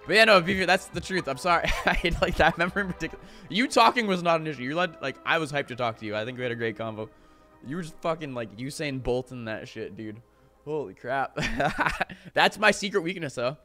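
A young man chats loosely to his live-stream audience, rambling through stories with plenty of "like" and casual swearing. His voice is bright and sits a little high. Faint music plays underneath. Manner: rambling and animated, lots of "like" and swearing.

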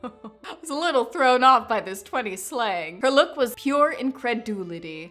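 A woman reading a story aloud over gameplay, with playful asides and musing out loud. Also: high voice, lively intonation, moderate pace, soft background music. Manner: playful, laughs at herself, muses aloud. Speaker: game storyteller.

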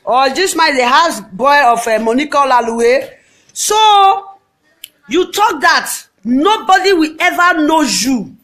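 Nigerian woman, high-pitched, hosting a dramatic scolding live-video rant. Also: animated, unhurried. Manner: loud, scolding, dramatic outbursts. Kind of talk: ranting live video monologue.

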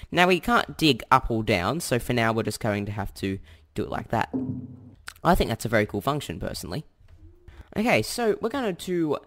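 Young Australian male tutor, animated pitch, chatty, self-correcting, casual screen-recording delivery. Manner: chatty and self-correcting, thinks aloud while typing. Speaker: tutorial host.

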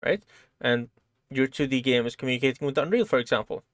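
A man with a mid-range voice moves at a quick pace through a casual, step-by-step screen-share coding lesson, often asking "right?". There's no echo on the recording.

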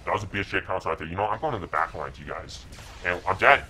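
A young man streaming a game, cursing and yelling orders at his teammates, then muttering asides to his viewers. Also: low voice, lively intonation, racing, slight background noise. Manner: profane, shouting orders at teammates. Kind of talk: live gameplay commentary.

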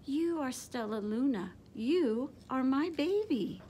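A woman voicing a caring, protective mother fruit bat in a storybook reading, speaking softly and tenderly. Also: high voice, lively intonation, slow pace, slight background noise.

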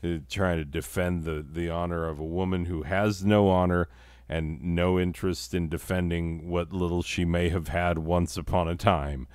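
A man's voice: low voice, little pitch movement, moderate pace, darkish tone, clean tone, dry recording, clean studio sound. A man hosting a comedy show in a crude, profane, rambling monologue. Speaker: host.

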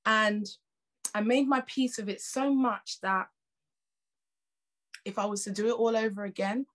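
British woman preacher, emphatic, repeats lines for punch, chatty asides. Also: medium pitch. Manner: conversational asides and laughs. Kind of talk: sermon.

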